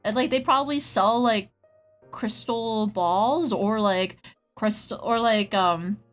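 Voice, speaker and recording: This streamer and artist speaks slowly in a medium-pitched voice as she draws on stream. Her casual story meanders, leans heavily on "like," and breaks off whenever she greets her chatters, while soft music plays behind her.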